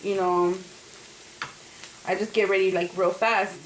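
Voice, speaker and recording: A woman's voice: medium pitch, fairly even intonation, a little slow. A woman vlogger telling a rambling, profane story while cooking in her kitchen, with food sizzling in the background. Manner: chatty, profane, rambling with many fillers. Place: home kitchen. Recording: echoey kitchen, faint noise. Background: food frying and sizzling.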